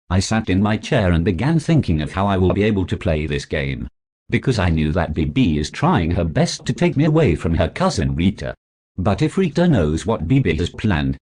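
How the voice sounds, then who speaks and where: A man's voice: sits low, a little mellow, husky. A man narrating a story in the first person as a scripted audiobook reading.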